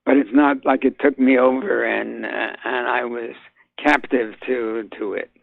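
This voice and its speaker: An older man, a guest actor, talking in a phone interview, halting with many fillers and restarts. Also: mid-range voice, little pitch movement, gravelly, no echo. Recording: tinny phone line.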